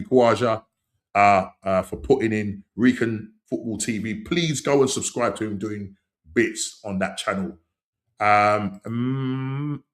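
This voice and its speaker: A middle-aged man hosting a casual live-stream chat, rambling and leaning on "you know what I mean", with sudden excited outbursts. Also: fairly low pitch. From England. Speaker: podcast host.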